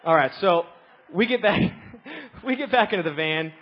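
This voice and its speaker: A woman preaching a sermon, telling a story with animated swings from quiet to shouting. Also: medium pitch, moderate pace. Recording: slightly dull lo-fi recording.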